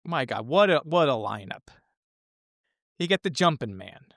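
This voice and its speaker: A man co-hosting a podcast, chatting casually and enthusiastically about a film, rambling with quick restarts. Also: medium pitch, big pitch swings, creaky, fairly bright tone, dry recording, clean studio sound. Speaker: podcast co-host.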